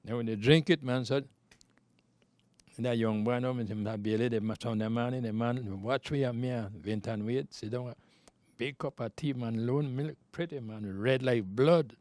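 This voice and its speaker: A man's voice: mid-range voice, normal speed, a little mellow, no room sound. A very old man in his nineties speaks with a Belizean Creole accent, telling long, looping stories from his life. He repeats himself often and wanders loosely, in a close, dry recording. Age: 90s. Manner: loose, repetitive storytelling in Creole speech. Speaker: interview guest. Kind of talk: rambling life-story telling.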